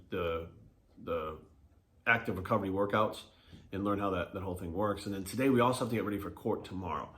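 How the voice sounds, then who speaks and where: A man's voice: mid-range voice, fairly bright tone. A man, a personal trainer, ranting casually in a vlog, swearing constantly and acting out what others said to him. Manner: heated, swears constantly, acts out quotes. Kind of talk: casual profane vlog rant. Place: Fairfax, Virginia area.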